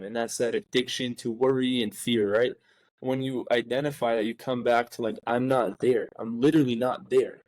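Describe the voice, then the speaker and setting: Male podcast host, middle pitch, casual and emphatic, curses freely, dry close recording. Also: a little mellow, no room sound, low-quality recording. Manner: emphatic, swears often, says "like" a lot. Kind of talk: casual heartfelt conversation.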